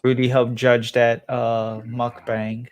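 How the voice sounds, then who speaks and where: A man hosts a casual livestream with friends. He talks in an unhurried, drawn-out way and keeps agreeing along. His voice sits at an everyday middle pitch. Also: monotone. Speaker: livestream host.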